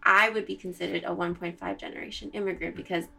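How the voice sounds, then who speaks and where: A woman's voice: fairly low pitch, steady tone, fast talker, gravelly, bright, forceful tone. A woman from Canada whose first language is French, chatting casually and laughing often. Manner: laughs often, says "like" a lot. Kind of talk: casual conversation.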